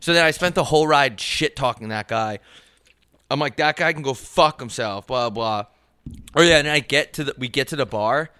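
A man's voice: mid-range voice, normal speed, pushed and bright, smooth, no echo, clean studio sound. A young man co-hosting a podcast, telling a story casually, swearing freely, his voice jumping up when he gets heated. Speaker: podcast co-host.

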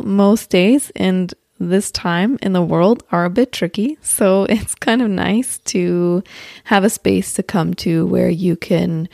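Woman podcast host, low gravelly voice, dry close sound, chatty and laughing. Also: darkish tone, no echo. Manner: chatty, laughs often, self-correcting. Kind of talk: casual spiritual monologue. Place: outdoors or near open window with birds.

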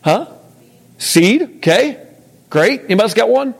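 Man teaching a group Bible study, high gravelly voice, casual and full of questions. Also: animated, moderate pace. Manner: conversational, asks the room questions. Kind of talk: interactive Bible lesson.

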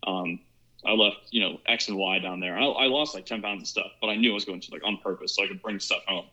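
A man's voice: fairly low pitch, quick pace, sharp tone. A young man from Ohio, telling a story as a podcast guest in a rambling, casual way, full of "like" and "you know". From Ohio, USA. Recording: muffled lo-fi recording.

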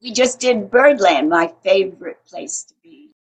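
A woman's voice: mid-range voice, expressive, measured pace, husky. A woman in her eighties, a veteran actress, chatting as an interview guest and telling stories with frequent restarts. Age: 80s. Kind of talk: casual interview chat.

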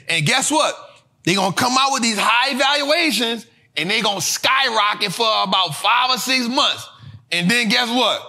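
High, lively man hammering home a point. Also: moderate pace. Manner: emphatic and repetitive, drilling points home; slangy, animated delivery with bursts of shouting. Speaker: host. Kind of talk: street-style finance lesson.

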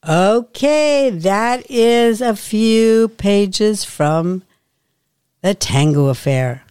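A woman podcast host reading her own short story aloud in a calm, measured way. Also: mid-range voice, clear, resonant tone, dry recording.

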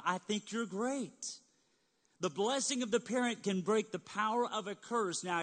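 High-voiced man preaching in a reverberant hall. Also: fairly bright tone. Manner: earnest preaching, addresses listeners as friend, leads the congregation. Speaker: pastor. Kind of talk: sermon.

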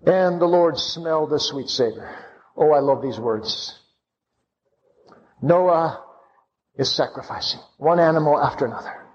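Man preaching, measured delivery, impassioned; slightly muffled, lo-fi recording. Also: on the high side. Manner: impassioned, rising to fervent cries. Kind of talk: sermon. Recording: lo-fi with long hall reverb.

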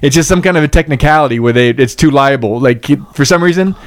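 A man's voice: mid-range voice, quick pace, dry recording. Laid-back man telling a story. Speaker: podcast co-host. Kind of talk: casual chat, storytelling.

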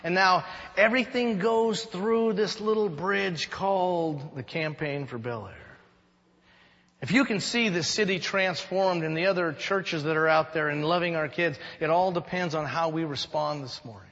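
A man's voice: on the high side, moderate pace, fairly bright tone, big-room sound, lo-fi sound. A man preaching a sermon as pastor, conversational, with jokes and rhetorical questions. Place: church sanctuary.

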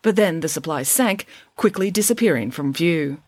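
A woman reads a children's chapter book aloud with expressive storytelling. Her voice is on the low side and lively in pitch, recorded close and dry with no room sound. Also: moderate pace, no room sound. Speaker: audiobook reader.

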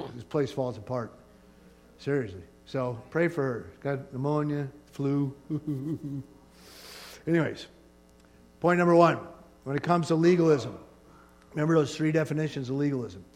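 A man preaching a sermon as pastor, conversational and animated, with frequent jokes. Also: fairly high pitch.

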